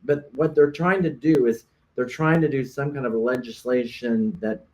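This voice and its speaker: A man's voice: medium pitch, steady tone, normal speed, a little mellow. A man, a realtor, co-hosting a casual podcast chat, explaining earnestly and often restarting his sentences.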